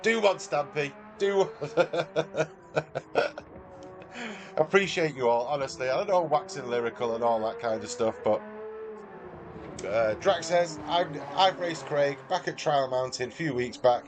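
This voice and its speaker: A man's voice: on the high side, a little slow, background noise. A man with a Mancunian accent, chatting casually with viewers on a live stream and reading out their messages in a matey way. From Manchester, England. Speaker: livestreamer.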